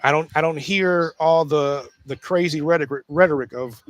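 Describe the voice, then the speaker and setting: A man with a slightly higher voice hosts a casual football talk show. He talks in an animated way, restarts sentences and repeats himself as he works through a point. The recording sounds dry and close, with no room around it. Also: normal speed, no echo. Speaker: sports talk host. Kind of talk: casual solo sports commentary.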